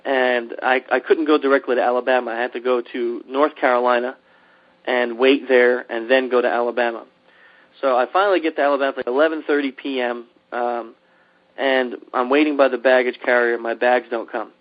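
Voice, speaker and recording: A man hosting a podcast, telling a long travel mishap story in a casual, animated way and acting out the people in it. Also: medium pitch, fairly quick. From Pennsylvania. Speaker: podcast host. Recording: dull lo-fi podcast audio.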